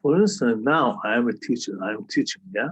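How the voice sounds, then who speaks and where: Man tutoring calculus, husky voice. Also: medium pitch, brisk, fairly bright tone. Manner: repeats "yeah?" to check understanding. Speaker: math tutor. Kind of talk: online calculus lesson. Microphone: video call.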